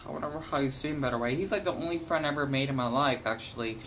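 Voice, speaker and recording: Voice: medium pitch, very fast, fairly bright tone, a little hiss or hum. A young adult vlogger talking at home in a chatty, wandering, self-deprecating way. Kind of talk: casual rambling chat.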